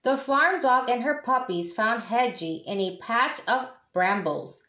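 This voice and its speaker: A woman, a teacher, reading a children's picture book aloud in an expressive way. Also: on the high side. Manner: slow, expressive storytelling. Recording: echoey room.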